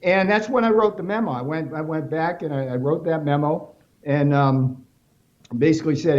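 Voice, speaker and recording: A man's voice: on the high side, moderate pace. Guest guy on talk radio, fired up telling his story, muffled lo-fi line. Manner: animated storyteller, emphatic.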